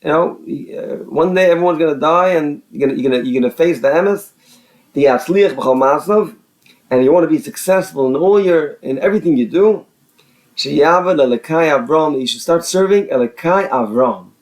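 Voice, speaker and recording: A man's voice: a little high, lively intonation, moderate pace. A man teaching a religious text, reading out Hebrew phrases and translating each into casual English, often repeating words and restarting. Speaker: Torah teacher.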